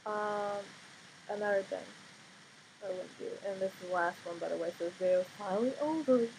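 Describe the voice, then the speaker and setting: A young woman in her teens vlogging casually at home late at night, sleepy and quiet, rambling with fillers and blunt outbursts. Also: medium pitch, a little fast, creaky, a little hiss or hum, low-quality recording. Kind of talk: casual vlog monologue.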